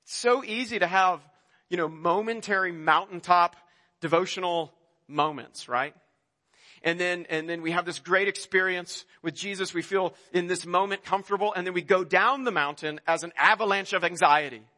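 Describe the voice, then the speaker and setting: A man's voice: high-pitched, moderate pace, pushed and bright. A man preaching a sermon in a conversational way, rising to emphatic passages. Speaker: pastor. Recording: long hall reverb.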